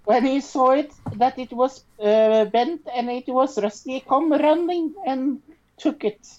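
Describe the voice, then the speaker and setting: An excited little girl with a sing-song mock Swedish accent tells her tale in a high, breathless voice, as a woman puts her on. The sound is dull and lo-fi. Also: measured pace. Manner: high, breathless childlike storytelling. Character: excited eight-year-old Swedish girl who found a sword.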